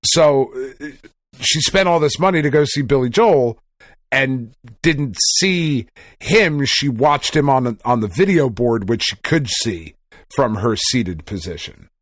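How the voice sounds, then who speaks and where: A man's voice: mid-range voice, lively intonation, a little slow, no room sound, studio quality. A male podcast co-host in casual chat, swearing freely and rambling through stories with restarts. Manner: profane, rambling storytelling.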